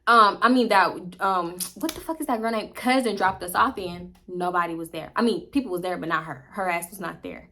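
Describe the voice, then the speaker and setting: A woman in her twenties with a Houston accent, telling a story in an animated, profane way to her viewers. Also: on the low side, brisk, hardly any pauses. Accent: Houston, Texas. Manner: profane, animated, laughing asides. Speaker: vlogger. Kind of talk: casual storytime monologue.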